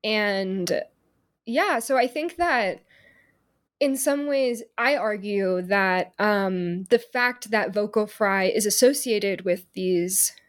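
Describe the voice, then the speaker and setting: A woman's voice: mid-range voice, slow pace. A woman author answering interview questions in an articulate way, with frequent fillers and asides.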